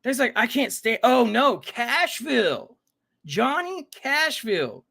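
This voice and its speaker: Speaking slowly in an extremely high, sing-song voice that is gravelly, bright, and forceful, this man hosts a casual reaction livestream. He greets viewers by name, chats with them, and rambles, often interrupting himself.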